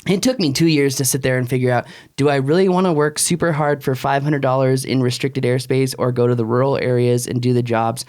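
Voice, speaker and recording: A man in his thirties co-hosting a podcast, talking in an animated, emphatic way as he gives business advice in casual chat. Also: mid-range voice, fairly quick, few pauses. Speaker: podcast co-host.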